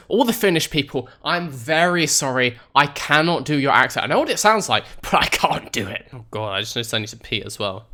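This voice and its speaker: A man's voice: medium pitch, animated, fast talker, hardly any pauses, bright, forceful tone. A man hosting a let's play video, giving playful, sarcastic commentary while talking straight to his viewers. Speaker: gaming video host.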